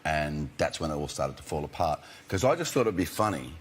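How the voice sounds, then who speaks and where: A man guest on a TV talk show, telling relaxed anecdotes with lots of "you know" and chuckles. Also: extremely low pitch, a little fast, very noisy. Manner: laid-back storyteller, chuckling, full of you-knows. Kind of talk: casual chat, anecdotes. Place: TV studio with audience.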